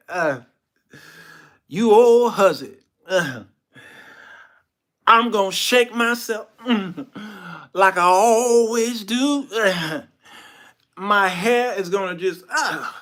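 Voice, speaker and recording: A man voicing a boastful long-haired strongman with a slow, swaggering drawl. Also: sits high, fairly bright tone, voice pushed up.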